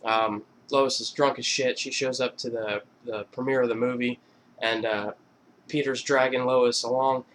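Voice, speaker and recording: A man's voice: medium pitch, fairly even intonation, moderate pace, fairly bright tone, slight background noise. A young man recapping funny movie scenes in a casual, rambling, profane vlog style. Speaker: vlogger.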